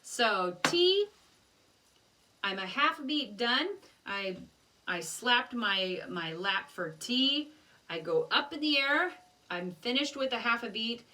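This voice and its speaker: A woman music teacher leads young students through rhythms, explaining each step with patience and chanting the syllables. Her voice is bright and slightly high, and she takes her time. She sits some distance from the microphone, with faint noise in the background. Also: lively intonation, takes it slowly. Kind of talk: elementary music lesson.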